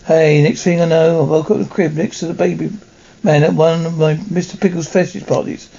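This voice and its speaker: A man's voice: fairly high pitch, flat delivery, brisk, vocal fry, warm tone. A man voicing an old grandfather who rattles off wild stories, on a dull lo-fi recording. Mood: rambling.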